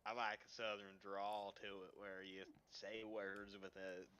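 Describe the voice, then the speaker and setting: An American man, a player at a tabletop game, chatting casually and throwing in quick jokes. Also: on the low side, level tone, sharp tone, clear, resonant tone, muffled recording. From United States. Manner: jokey quips.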